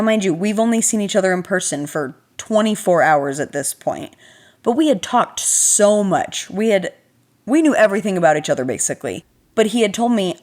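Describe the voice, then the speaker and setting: A young adult woman vlogger telling a personal story in a chatty, animated, self-deprecating way, talking straight to her viewers. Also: medium pitch. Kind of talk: casual storytelling to camera.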